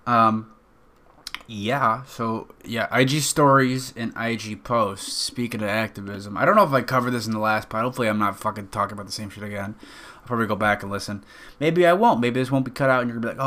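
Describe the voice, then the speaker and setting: Bright-voiced young man rambling on a podcast. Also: on the low side, fairly quick. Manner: rambling, profane, joking. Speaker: podcast host. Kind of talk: casual solo podcast monologue.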